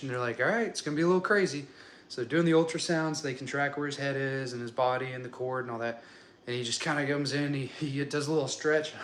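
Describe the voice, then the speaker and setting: A man in his thirties telling the story of his son's birth in a casual, animated way, acting out what people said and chuckling often. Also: medium pitch, a little hiss or hum.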